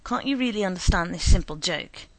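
A woman reading the part of a petulant husband who shouts insistently and falters into tears. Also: fairly high pitch, very animated, measured pace, gravelly, dry recording, heavily acted. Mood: shouting angrily. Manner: loud, insistent outbursts. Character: fretful, petulant husband, easily upset.

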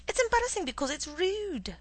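A woman's voice: very high voice, very animated, fairly quick, pitched above the performer's own voice, low-quality recording. A woman reading the part of a worried, indignant middle-aged wife who pleads with her husband.

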